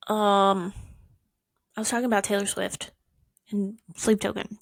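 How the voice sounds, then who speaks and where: A woman's voice: mid-range voice, flat delivery, measured pace, creaky, pauses often, dry recording. A young woman talking to camera in a casual, rambling monologue, swearing often and poking fun at herself. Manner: profane, rambling, self-mocking. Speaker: vlogger.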